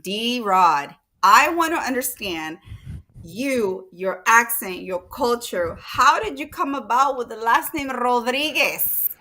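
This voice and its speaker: A woman's voice: fairly high pitch, lively intonation, slow, pushed and bright. A woman hosting a podcast interview, talking in an effusive, enthusiastic way and laughing often. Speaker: podcast host. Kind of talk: casual interview chat.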